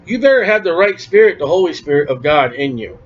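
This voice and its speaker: A man preaching a forceful, emphatic sermon on scripture. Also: fairly high pitch, big pitch swings, fast talker, husky. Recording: dull lo-fi recording.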